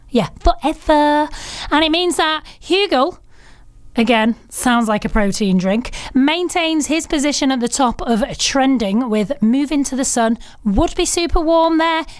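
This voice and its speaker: A woman's voice: high-pitched, clean tone, no echo. A woman in her thirties presenting a casual radio chart rundown, chatty with cheeky asides and self-deprecating jokes. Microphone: studio microphone.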